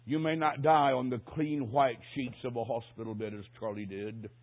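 A man preaching a sermon with dramatic storytelling, who swings from hushed tones to loud, emphatic preaching. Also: mid-range voice, steady tone, normal speed. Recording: tinny phone-like sound.

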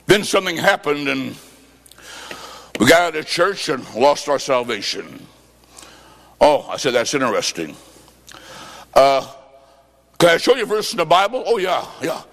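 Preacher, male, high and gravelly, storytelling sermon with sudden shouts, echoing hall. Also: big pitch swings, moderate pace, long pauses. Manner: folksy storytelling with quoted dialogue and bursts of shouting.

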